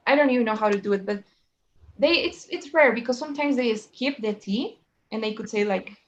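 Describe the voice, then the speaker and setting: A woman's voice: a little high, brisk, dull audio. A woman teaching a one-on-one English lesson, explaining in a chatty way and often checking with "right?" and "you know?".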